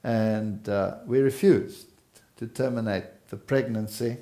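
A middle-aged man speaks slowly and earnestly as he tells a personal story. His voice is gravelly, with audible fry, and he takes his time over each phrase. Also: on the low side, mellow. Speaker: speaker telling life story. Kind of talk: personal testimony in conversation.

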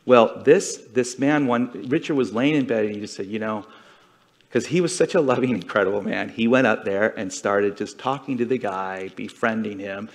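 A man's voice: on the low side, normal speed. A man giving a conversational sermon to a congregation, retelling a story earnestly and with feeling. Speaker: congregation speaker.

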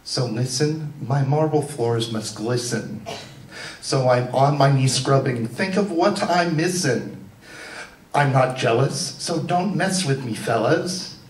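A man's voice: medium pitch, animated, takes it slowly. A man voicing an aging woman film starlet in a live comic a cappella performance. She is haughty, fixated on cleanliness and indignant, defending herself in theatrical rhyming lines, heard from a distant mic in a roomy theater. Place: theater stage.

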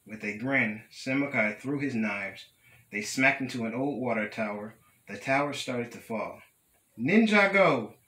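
A young male student reading a children's picture book aloud at a steady, careful pace. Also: mid-range voice, normal speed, echoey room, poor audio. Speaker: student storyteller.

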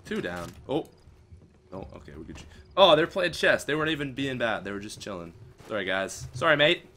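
A man's voice: medium pitch, very animated, fairly quick, sharp tone, a little hiss or hum. A young Canadian man casually commenting as he plays a shooter, joking and repeating lines from the game. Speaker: gamer playing a shooter.

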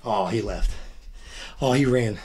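A man's voice: on the low side, unhurried, a little mellow. A man livestreaming, trading brash, profane taunts and repeating his jabs. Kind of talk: heated livestream argument.

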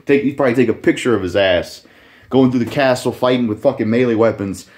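A man's voice: medium pitch, fast, a little mellow. A man rambling casually about a video game idea, cursing often, trailing off and poking fun at himself. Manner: rambling, profane, self-deprecating, with many fillers. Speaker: gaming youtuber.

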